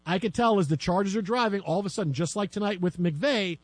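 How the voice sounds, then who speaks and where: A man's voice: high voice, quick pace, husky, no room sound. A man hosting sports radio, telling a story with lots of energy and acting out the people in it. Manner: animated storyteller, acts out shouting fans. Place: radio studio. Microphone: studio microphone.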